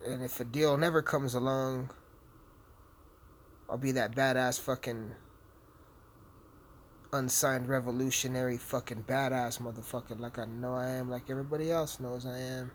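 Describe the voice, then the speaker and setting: A man's voice: mid-range voice, level tone, normal speed, pauses often, a little hiss or hum. A young man hosting a podcast, rambling brashly and swearing constantly while he plays a game. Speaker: podcast host. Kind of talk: casual profane monologue while gaming.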